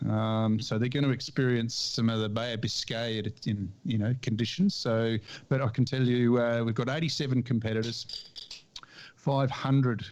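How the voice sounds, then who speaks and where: A man's voice: mid-range voice, fairly even intonation, moderate pace, darkish tone. A man co-hosting a podcast, chatting in a rambling, loose way and laughing often. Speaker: podcast co-host. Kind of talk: casual chat.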